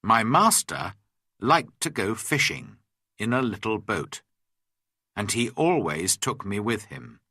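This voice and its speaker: A man narrating a storybook for learners at a deliberately slow pace. His voice is bright and ranges widely in pitch, from hushed low lines to sudden high exclaims. The sound is close and dry. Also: vocal fry, slightly rough, dry recording. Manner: slow, expressive, dramatic reading.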